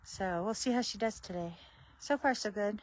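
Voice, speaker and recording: Woman, mid-pitched voice, horse trainer, chatty and easygoing, outdoors at a barn. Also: normal speed, rough recording. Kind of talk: casual livestream chat while training.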